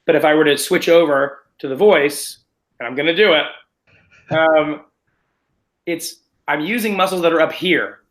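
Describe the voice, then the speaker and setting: A man, a stage actor, chatting in an interview in an animated, self-deprecating, rambling way. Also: a little high, normal speed, long pauses, low-quality recording. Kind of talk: casual interview chat.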